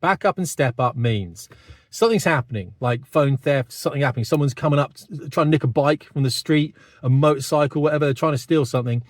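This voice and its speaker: Talking bluntly to camera, this fifty-something British online commentator keeps a conversational tone and sprinkles in "mate". His voice is on the high side and fairly quick, recorded dry and clean in a studio.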